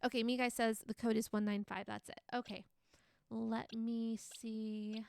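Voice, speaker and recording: A woman's voice: fairly high pitch, flat delivery, unhurried, vocal fry, clean tone, no echo, studio quality. A young woman streaming a game live, chatting casually, reading chat aloud and laughing often.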